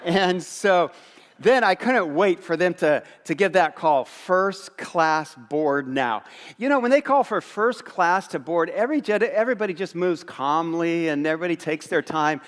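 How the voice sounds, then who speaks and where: A pastor preaching a sermon, telling a humorous, self-mocking story in a lively storytelling way. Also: male voice, high voice, moderate pace, long reverb tail. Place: church auditorium.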